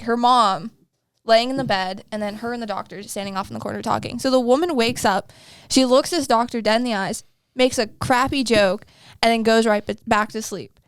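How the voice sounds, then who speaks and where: A woman's voice: a little high, smooth, dry recording. A woman around thirty co-hosting a podcast, telling stories in a chatty way and acting out the dialogue. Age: about 30. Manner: chatty, laughing, acts out dialogue. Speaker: podcast co-host. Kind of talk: casual storytelling chat.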